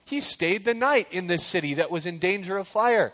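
Youth-pastor type, man, casual jokey preaching, slightly higher voice, long hall echo. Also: lively intonation, normal speed, fairly bright tone. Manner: chatty, jokey, asks the crowd questions. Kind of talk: casual sermon. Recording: dull sound in a reverberant hall.

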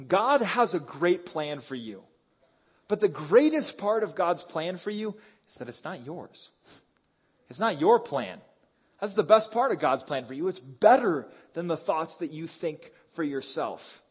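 A man preaching a sermon in a casual, animated way, dropping slang as he reads and explains scripture. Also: fairly high pitch, husky. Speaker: pastor.

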